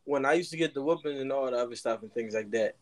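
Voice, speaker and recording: A man's voice: mid-range voice, fast. A man, co-hosting a podcast and telling stories from his own upbringing in a reflective way. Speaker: podcast co-host. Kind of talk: casual podcast talk.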